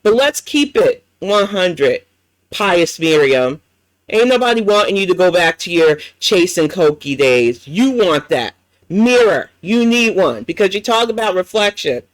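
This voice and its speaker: A high-voiced man delivers a heated, profane reaction commentary, blunt and relentless. The sound is dry and close, with no room around it. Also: animated, measured pace, no room sound, poor audio. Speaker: livestream commentary host.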